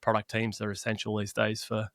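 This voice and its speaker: A man in his forties from Australia with an Australian accent, talking casually as a podcast guest with quick, self-deprecating asides. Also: fairly low pitch, completely flat delivery, fairly bright tone, no room sound, studio quality. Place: home podcast setup. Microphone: podcast mic.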